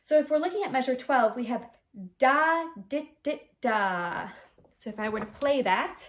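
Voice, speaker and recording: A woman's voice: sits high, animated, fast talker. A woman teaching flute, explaining articulations step by step and singing the syllables of each note. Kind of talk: instrumental music lesson. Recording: echoey room.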